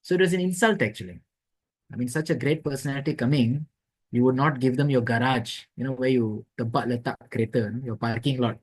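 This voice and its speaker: A man's voice: mid-range voice, fast, low-quality recording. A man teaching an online devotional class, telling scripture stories and acting out the dialogue. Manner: storytelling, acting out quoted dialogue. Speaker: lecturer. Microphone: online class audio.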